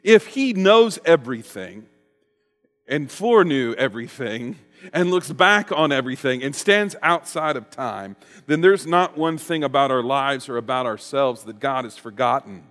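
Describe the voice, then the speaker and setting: A man's voice: mid-range voice, normal speed, faint music behind. Guy preaching a sermon, acts out the lines, big echoey church sound. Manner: lively storytelling preacher, acts out quotes. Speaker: pastor. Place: church sanctuary.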